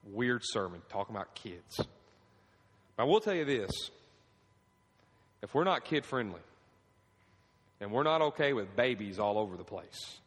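In a church sanctuary, a thirty-something male pastor delivers an impassioned sermon. He shifts from soft entreaty to soaring, forceful declarations and asks the congregation for amens, all wrapped in the hall's long echo.

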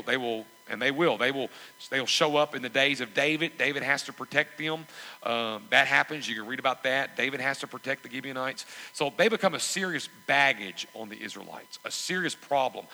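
A man preaching a sermon, emphatic and repetitive, swelling into loud exhortations. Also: medium pitch, long reverb tail, poor audio. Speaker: pastor.

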